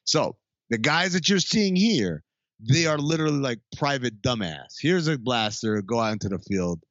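A man's voice: mid-range voice, lively intonation, moderate pace, fairly bright tone, no echo, lo-fi sound. Laid-back, swearing man on a podcast. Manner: loose, profane, laughing often. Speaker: podcast co-host. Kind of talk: casual chat.

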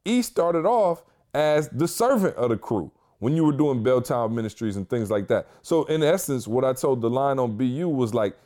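A man's voice: medium pitch, expressive, normal speed, few pauses, mellow. A man co-hosting a podcast in casual chat, loose and rambling, often saying "you know.". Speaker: podcast co-host.

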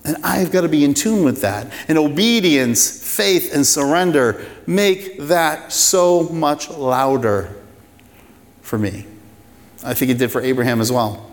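A man with a somewhat high voice preaches a sermon in a church sanctuary. He speaks conversationally but with emphasis and builds his points through repeated phrases. His voice carries a long reverb from a large hall. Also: measured pace. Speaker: pastor.

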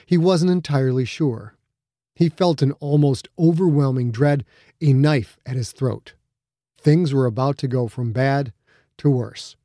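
A man reading an audiobook in a steady, measured storytelling voice on a close studio mic. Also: mid-range voice, dry recording. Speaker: audiobook narrator. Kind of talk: scripted narration.

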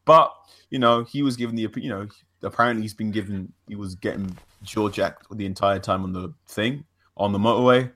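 A man co-hosting a chat show, giving measured, reasoned opinions. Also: lowish voice, a bit bright. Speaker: podcast co-host. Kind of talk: casual chat.

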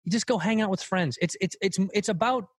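A man's voice: sits high, brisk, breathy edge, no room sound. A man talking loosely and animatedly as a guest comedian on a casual podcast, swearing now and then.

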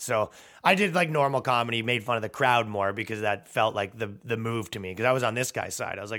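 A man hosting a podcast, telling a comedic story in a profane, rambling, animated way. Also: fairly low pitch, quick pace.

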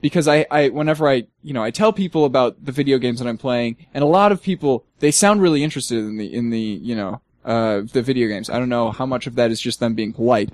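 A man's voice: medium pitch, fast, few pauses, no echo. A young man co-hosting a podcast in casual chat, rambling with many fillers and frequent laughs. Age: young adult. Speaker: podcast co-host.

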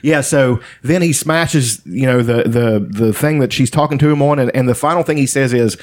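A man's voice: medium pitch, moderate pace, few pauses. Man in casual talk; loose, profane, rambling delivery full of "like" and "you know.". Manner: rambling, profane storytelling with many fillers. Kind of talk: casual chat.

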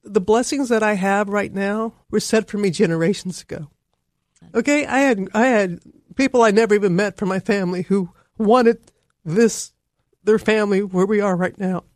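A middle-aged woman, a guest in a heartfelt conversation, telling her story in an emphatic, animated way. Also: medium pitch, moderate pace, no room sound, studio quality.

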